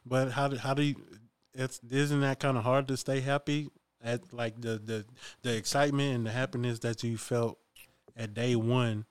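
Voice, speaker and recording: A man's voice: mid-range voice, steady tone, normal speed, clear, resonant tone, no room sound. A man hosting a casual podcast, asking easygoing questions and chiming in with short agreement. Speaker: podcast host.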